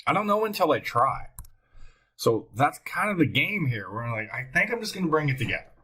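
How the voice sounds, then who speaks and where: An excitable man teaches math on a recording, thinking aloud and talking to himself as he works. His voice is bright and a little husky, and his pitch swings widely. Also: brisk.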